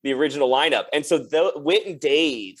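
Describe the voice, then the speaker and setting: A young man in a casual podcast chat, his voice sitting a little on the high side. He tells stories in a loose, laid-back way, filling them with "like" and breaking into laughter while he mimics the people in them. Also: lively intonation, fairly quick. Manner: laid-back storyteller, lots of "like" and laughs, acts out quotes. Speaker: podcast guest, drummer.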